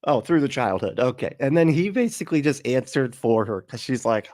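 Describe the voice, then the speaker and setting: A man's voice: mid-range voice, lively intonation, a little fast, few pauses, darkish tone, no echo, clean studio sound. A man hosting a livestream, reacting to video clips in casual, sarcastic commentary with frequent laughs. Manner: sarcastic, laughing, swearing, talks over clips.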